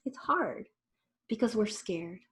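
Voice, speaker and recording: A woman in her forties, a parenting educator, giving an online lecture in a lively, conversational way and addressing parents directly with rhetorical questions. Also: mid-range voice, slow pace. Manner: animated, speaks straight to parents with rhetorical questions; conversational, with fillers and restarts.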